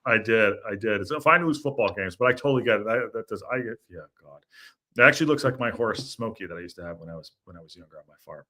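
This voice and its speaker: A man hosts a live football fan chat with a low-pitched but bright, forceful voice. His delivery is casual and jokey, full of quick asides. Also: animated. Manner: chatty, jokey, apologetic asides. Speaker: host of a football fan phone-in show.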